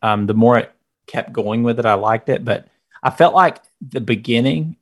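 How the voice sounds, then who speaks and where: A man's voice: mid-range voice, moderate pace. Hesitant man thinking aloud on a podcast. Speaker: podcast co-host. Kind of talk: casual chat.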